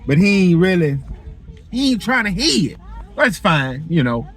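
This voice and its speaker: A man's voice: high-pitched, unhurried, breathy edge, soft background music. A man talking to camera in a casual, preachy, colloquial way. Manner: animated, preachy, colloquial storytelling. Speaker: vlogger.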